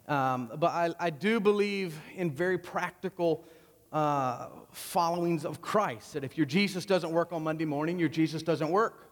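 A man's voice: fairly high pitch, moderate pace, long reverb tail. A man preaching a sermon to his congregation in a conversational, joking way. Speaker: pastor. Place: church sanctuary.

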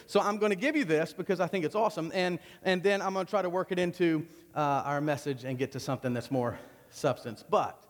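A man's voice: fairly high pitch, big-room sound. A man preaching a sermon to his congregation in a conversational, joking way. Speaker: pastor. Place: church sanctuary.

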